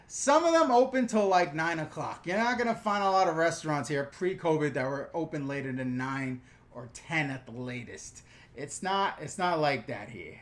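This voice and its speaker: A man's voice: a little high, expressive, normal speed. A man from the New York/New Jersey area hosting a live stream, reading viewer comments aloud and answering bluntly with jokes. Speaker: channel host answering viewer questions. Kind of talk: casual live-stream chat.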